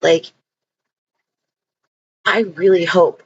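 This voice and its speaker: A woman's voice: fairly low pitch, steady tone, drawn-out words, muffled recording, slight background noise. A woman telling her own story in a casual, blunt and emphatic way, swearing freely.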